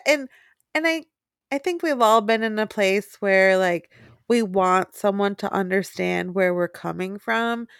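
Slow-talking giggly woman podcaster. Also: mid-range voice, gravelly, clean tone, no echo, studio quality. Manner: laughs often, unhurried and giggly. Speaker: podcast co-host. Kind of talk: casual chat.

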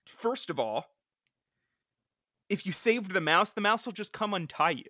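Lively, bright-voiced man chatting. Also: high voice, a little slow, no room sound, clean studio sound. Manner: animated, laughs often, acts out reactions. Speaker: podcast co-host. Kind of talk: casual chat.

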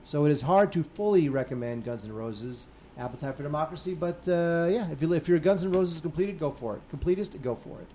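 A man with a mellow, relaxed voice chats casually on a podcast. He talks loosely and often trails off into fillers. A faint hiss sits under the recording. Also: a little high, a little fast, few pauses. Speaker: podcast co-host. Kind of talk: casual chat about home video releases.

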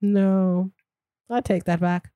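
Woman co-host, mellow tone, easygoing and chatty, dry sound. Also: medium pitch, level tone, slow, clean tone, no room sound. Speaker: podcast co-host. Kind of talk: casual movie discussion.

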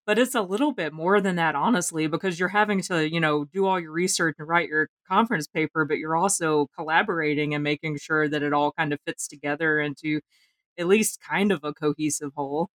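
A woman co-host in casual podcast talk, wry and reflective. Her voice sits somewhat low. The recording is close and dry. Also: a little fast, a bit bright, no echo.

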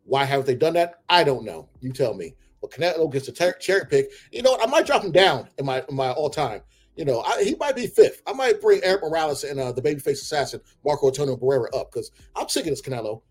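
A man hosting casual sports talk, opinionated and animated, breaking into heated outbursts. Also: a little high, fast talker, slightly rough. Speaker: combat sports commentator.

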